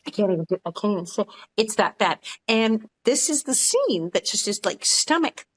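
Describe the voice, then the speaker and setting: Lively older woman storyteller. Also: medium pitch, moderate pace, slightly rough. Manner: animated storytelling, acting out quotes. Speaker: podcast co-host. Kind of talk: casual chat recapping a TV episode.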